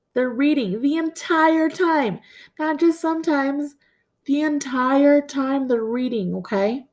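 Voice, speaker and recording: Creaky-voiced teacher talking to first graders. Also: female voice, high voice. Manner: slow, encouraging, repeats key phrases for kids. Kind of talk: recorded lesson for young children.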